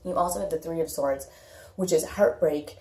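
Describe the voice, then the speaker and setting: A woman talks through a tarot reading in a loose, blunt way, circling back on her words and filling pauses as she thinks. Her voice sits low and mellow. The room around her echoes. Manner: blunt, repetitive, thinks aloud with many fillers. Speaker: tarot reader. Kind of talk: casual tarot reading monologue.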